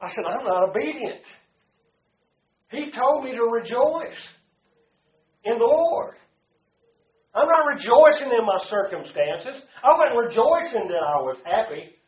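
A man preaching a sermon to a congregation, swinging from loud to hushed and calling out to the room. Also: extremely high pitch, very animated, a little slow, long pauses, reverberant, dull audio. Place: church before a congregation.

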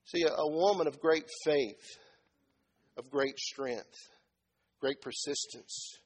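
A middle-aged man preaching a sermon in a folksy way, dropping from quiet talk to loud shouted peaks. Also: a little high, slow, breathy edge.

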